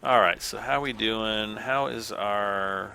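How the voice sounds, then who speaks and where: A man's voice: fairly low pitch, slow pace, vocal fry, bright, forceful tone, a little hiss or hum. A middle-aged American man giving casual, rambling gameplay commentary, self-deprecating and chuckling often. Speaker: gaming channel host.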